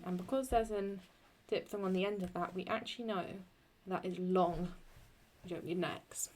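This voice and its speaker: A woman teaching Latin poetic meter in a chatty way, thinking aloud and correcting herself, and reading Latin lines slowly and deliberately. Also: fairly low pitch, a little mellow. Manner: slow, deliberate Latin recitation. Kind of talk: screen-recorded lesson.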